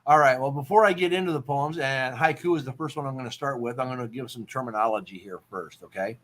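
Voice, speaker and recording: Male host, mid pitch, easygoing teacher-like explainer on a casual podcast. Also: fast, fairly bright tone. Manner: explains terms, checks in with "okay?". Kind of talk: casual poetry talk.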